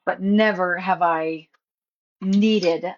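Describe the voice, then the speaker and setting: A woman's voice: fairly low pitch, steady tone, drawn-out words. A woman vlogging in a casual rant, indignant and rambling, often cutting herself off mid-sentence. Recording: dull lo-fi phone audio.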